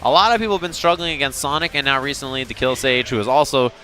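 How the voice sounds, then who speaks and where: A man commentating a live fighting game tournament, joking and excitable. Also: medium pitch, fast talker, faint music behind. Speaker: esports commentator.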